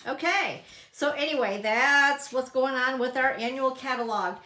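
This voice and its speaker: A woman's voice: high voice, unhurried, pushed and bright. A middle-aged woman hosting a casual live crafting stream, chatty and upbeat, greeting viewers by name. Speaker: papercrafting demonstrator and live stream host. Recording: echoey room.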